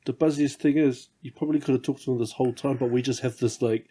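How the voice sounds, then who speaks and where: A man's voice: medium pitch, fairly even intonation, fast, dark tone, slightly rough. A middle-aged man hosting a podcast, reflecting candidly on fatherhood and swearing casually. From New Zealand. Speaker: podcast host. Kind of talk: casual chat.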